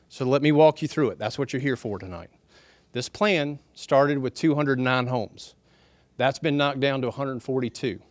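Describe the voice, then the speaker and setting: A middle-aged man, speaking earnestly and softly to residents at a town meeting. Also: medium pitch, no room sound. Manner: soft-spoken, earnest, folksy. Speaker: developer's representative at a town hall. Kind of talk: public speech at a town meeting.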